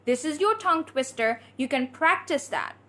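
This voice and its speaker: Woman English tutor with a high voice, casual live-stream delivery, reads viewer comments, drills phrases slowly. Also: animated, fairly bright tone. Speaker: English teacher.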